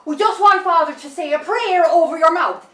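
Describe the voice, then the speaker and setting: A woman's voice: extremely high pitch, moderate pace, a bit bright. An Irish woman acting a cantankerous elderly woman with bad teeth, scolding and indignant, in an amateur stage comedy. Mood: cross. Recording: echoey hall, distant mic, noisy.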